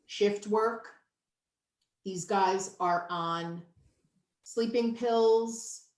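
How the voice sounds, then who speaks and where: A woman's voice: mid-range voice, drawn-out words. A woman in her fifties, a nutritionist guest, talking candidly and emphatically in a casual interview. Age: 50s. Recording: roomy echo.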